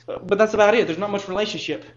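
A man's voice: high voice, fairly even intonation, fast talker, lo-fi sound, lightly acted. A man playing a frustrated husband who stammers as he complains to a counselor about his wife. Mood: complaining. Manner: stammering, exasperated pleading.

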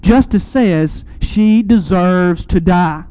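A man preaching a sermon, building to emphatic swells and easing into slow, quiet pauses. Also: high-pitched, smooth, no room sound, rough recording. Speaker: pastor.

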